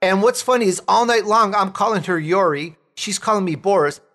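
A man's voice: sits high, fairly quick. A man from Chicago hosting an interview show, chatting casually and telling jokey stories. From Chicago, USA. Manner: jokey, animated storyteller. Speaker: talk show host.

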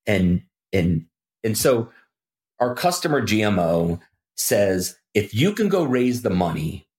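A middle-aged man, a podcast guest, telling a story in casual talk and acting out the quoted lines with jumps in pitch. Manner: animated, acts out quoted dialogue with jumps in pitch.

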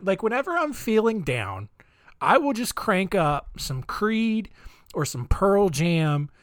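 A man's voice: mid-range voice, a bit bright, no room sound, studio quality. A man hosting a podcast in a casual, jokey way, poking fun at himself as he rambles along. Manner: jokey, self-mocking, loose rambling delivery. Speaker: podcast host.

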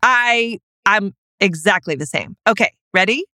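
A woman co-hosting a podcast in casual chat, bubbly and quick to laugh. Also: animated, pushed and bright, no room sound, clean studio sound. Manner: bubbly, giggly, high-pitched exclamations. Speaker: podcast co-host.

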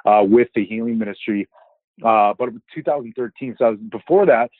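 A man's voice: mid-range voice, brisk, no room sound. A man sharing a Christian healing testimony in a casual, rambling way, acting out the dialogue as he goes. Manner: rambling storyteller who acts out dialogue. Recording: dry, tinny phone-line sound.

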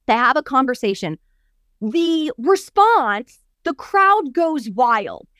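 She speaks slowly in a high-pitched voice, with clean studio audio and no room sound, while co-hosting a coaching podcast. Telling her story expressively, she performs the quoted voices and lists things with emphasis.

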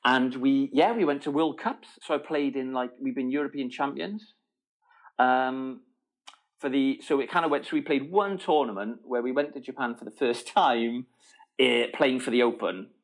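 A middle-aged man, telling a story as an interview guest, lively and laughing, often restarting his sentences. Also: mid-range voice, normal speed. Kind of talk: casual storytelling.

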